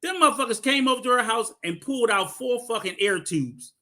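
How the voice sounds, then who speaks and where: A man co-hosting a podcast, swearing a lot and telling animated stories in casual chat. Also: very high voice, brisk. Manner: profane, animated storytelling. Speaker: podcast co-host.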